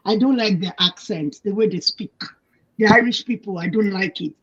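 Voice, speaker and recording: A woman's voice: mid-range voice, normal speed, slightly rough. A Nigerian woman in casual chat, making her point with emphatic, indignant repetition. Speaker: panel guest. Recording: muffled lo-fi audio.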